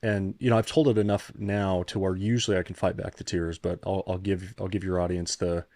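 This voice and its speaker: His voice is low, level and a little mellow, going slightly fast on a dry recording. The man, in his 30s, is a founder turned CEO coach guesting on a podcast, telling a personal story thoughtfully and sincerely, restarting often as he gets moved.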